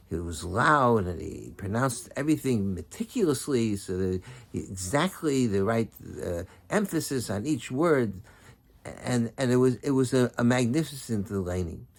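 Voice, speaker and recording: Low-voiced man giving a halting sermon. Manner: halting, repeats words while telling a story. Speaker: rabbi. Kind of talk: sermon storytelling.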